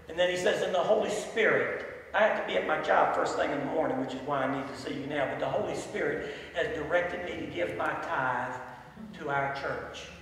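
A man's voice: vocal fry, slight background noise. Echoey preacher man. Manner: storytelling preacher, swells loud and drops low. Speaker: pastor. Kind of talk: sermon. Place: large church sanctuary. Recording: echoey hall from far off, faint ambience.

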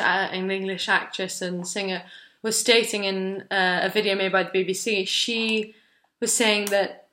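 A woman's voice: medium pitch, bright, forceful tone. A young woman who grew up in France gives an unscripted presentation of her research project, thinking aloud and searching for her words as she goes.

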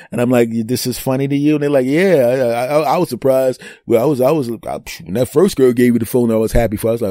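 A man's voice: mid-range voice, moderate pace, mellow, no echo, studio quality. A man around fifty telling a story on his podcast, boastful and joking, sometimes mimicking other people's voices. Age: 50s. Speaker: podcast host. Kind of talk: storytelling monologue.

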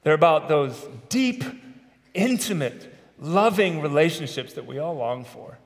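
A middle-aged pastor with a somewhat high voice delivers a sermon, chatty and quick to poke fun at himself. His words ring out with the long reverb of a large church sanctuary. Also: expressive. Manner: conversational, self-deprecating humor. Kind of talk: sermon with personal stories.

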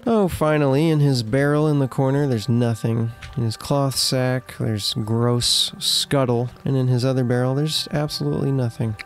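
A man's voice: medium pitch, steady tone, moderate pace, few pauses, faint music behind. A man giving comedic gameplay commentary in a mock-officious, indignant inspector tone with exasperated outbursts. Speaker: gaming video host.

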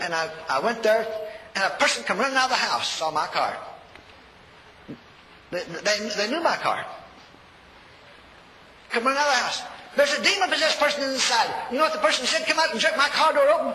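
A man preaching a sermon, telling a story in an animated, folksy way and shouting at the peaks. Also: high voice. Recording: long hall reverb, faint noise.

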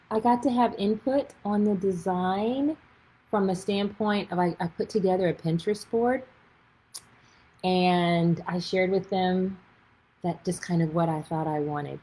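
A woman's voice: fairly low pitch, moderate pace, breathy edge, low-quality recording. A woman with a Texas accent, an author chatting casually and effusively on a livestream. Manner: chatty and effusive, gushing with excitement. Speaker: author and faith speaker.

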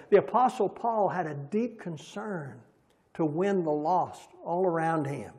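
A man preaching a folksy sermon, swelling loud and slow on scripture and dropping soft for homey asides, and leading the congregation in repeating lines. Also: fairly high pitch, animated. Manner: folksy, chuckles at his own stories; leads the congregation in call-and-response. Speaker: pastor.

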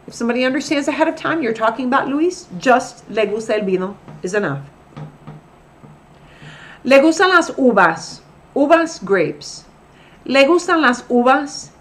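A middle-aged woman teacher talks through a recorded lesson at an unhurried pace, going over each example more than once. Her slightly high voice rises and falls a great deal as she explains. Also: fairly bright tone. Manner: slow, deliberate explanations with repeated example sentences. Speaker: Spanish teacher.

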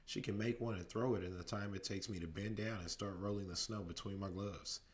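Low-voiced dad reading a bedtime story. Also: male voice, brisk. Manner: steady narration with lively character voices. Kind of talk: storybook read-aloud.

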